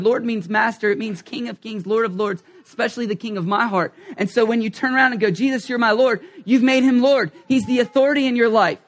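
A man preaching with fervor, his voice sitting very high for a man. He drops to quiet, intimate lines and then climbs to loud, urgent calls, acting out the words of people praying as he goes. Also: brisk, few pauses. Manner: passionate, emphatic, swings from hushed to loud; acts out short spoken prayers and quoted lines. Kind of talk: passionate sermon.

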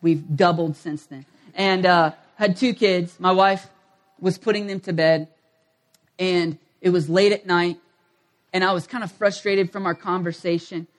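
A man pastor with a notably high-pitched voice delivers a sermon. He talks like he is sharing a story with friends, checking in with the congregation through questions as he goes. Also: steady tone, measured pace. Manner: conversational storytelling, asks the audience questions.

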